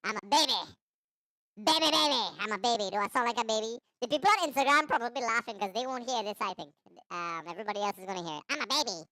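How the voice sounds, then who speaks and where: A man using a voice changer to play a silly, babbling baby with a squeaky, pitched-up voice. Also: lively intonation, fast talker, pushed and bright, no echo, heavily acted, poor audio. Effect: high pitch voice changer.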